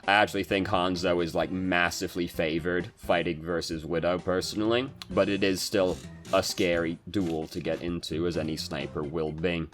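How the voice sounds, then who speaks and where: Young man, very low voice, casual gameplay commentary, easygoing, curses often. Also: moderate pace, faint music behind. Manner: relaxed, swears casually, frequent fillers. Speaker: game coach reviewing gameplay.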